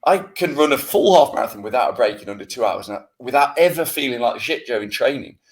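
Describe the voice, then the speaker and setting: A man's voice: medium pitch, fast. A man with a British accent co-hosting a podcast, ranting in a casual, self-mocking way. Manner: animated, swearing, self-mocking rant. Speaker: podcast co-host.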